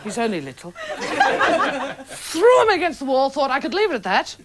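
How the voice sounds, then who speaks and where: Aussie woman doing standup, dry deadpan delivery, old tv recording with loud hiss. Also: high voice, moderate pace. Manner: dry, deadpan storytelling with a live audience laughing along. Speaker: comedian. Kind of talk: stand-up storytelling. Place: stage before a live audience.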